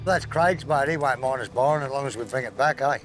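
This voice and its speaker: An Australian man working as an opal miner, chatting casually in a rough-and-ready way while working outdoors. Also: mid-range voice, fast. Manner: rough-and-ready, tags "mate" and "eh". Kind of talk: casual outdoor work chat. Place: outdoors at an outback mine site. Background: background music.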